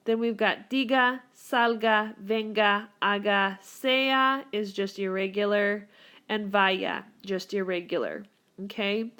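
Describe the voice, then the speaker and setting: A woman's voice: mid-range voice, takes it slowly, fairly bright tone, clear, resonant tone. A woman teacher recording a whiteboard grammar lesson for her students, upbeat and encouraging as she walks them through the rules. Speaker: Spanish teacher.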